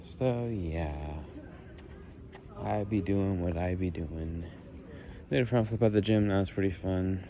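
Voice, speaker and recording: A young man musing and thinking out loud as he walks outdoors through leaves. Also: low voice, a little slow, pauses often, noisy background. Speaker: vlogger. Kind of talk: rambling walk-and-talk monologue.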